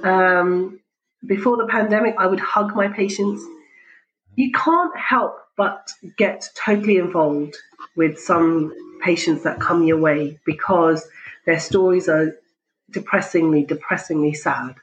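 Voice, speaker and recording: A woman working as a family doctor, talking in a jovial, animated way in an interview and laughing often. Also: on the low side, unhurried, highs cut off. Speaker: GP, interview guest. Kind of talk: conversational interview.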